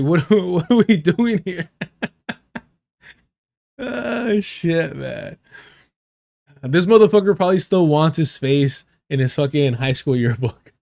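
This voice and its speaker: A man's voice: on the high side, gravelly, darkish tone. A man reacting to clips on a livestream, swearing a lot and mocking the people he covers. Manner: profane, mocking, mimics people in exaggerated voices. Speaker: livestream commentator.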